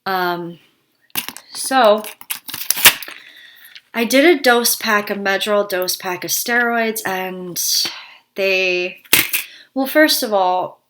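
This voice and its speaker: A woman's voice: medium pitch, extremely slow, long pauses, noisy background. A woman giving a casual personal health update to her viewers, candid and worried, a little out of breath and often restarting her sentences. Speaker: health vlogger.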